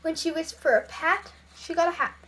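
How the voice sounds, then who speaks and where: A woman's voice: extremely high pitch, moderate pace, a bit bright, a little hiss or hum. A woman reading a children's picture book aloud in a careful storytelling voice. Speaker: storybook reader.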